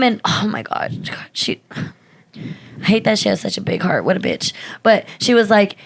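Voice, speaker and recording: A young woman co-hosting a podcast, telling a story in a casual, animated way, swearing a lot and acting out quotes. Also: medium pitch, moderate pace. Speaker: podcast co-host.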